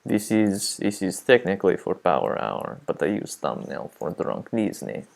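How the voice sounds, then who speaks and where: A man's voice: deep voice, normal speed, vocal fry. A man casually chatting and rambling as he hosts a livestream while mixing audio, mocking himself. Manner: relaxed, rambling, self-mocking.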